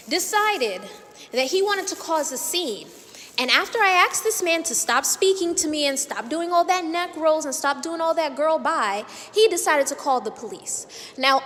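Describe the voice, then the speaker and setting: A woman's voice: sits high, fairly bright tone, big-room sound. A young adult woman giving an indignant, emphatic vlog rant to camera, hammering her points with repetition. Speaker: vlogger.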